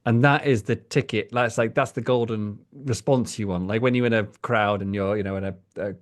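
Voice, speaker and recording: A man hosting a podcast interview, responding in a casual, halting way as he thinks aloud. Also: fairly low pitch, steady tone. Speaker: podcast host.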